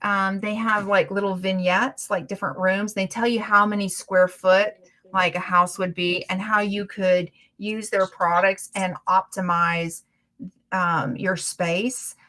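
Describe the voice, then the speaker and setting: A woman hosting a casual chat stream, telling stories in a chatty, animated way. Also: mid-range voice, unhurried. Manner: chatty storytelling, animated retellings. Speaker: livestream host.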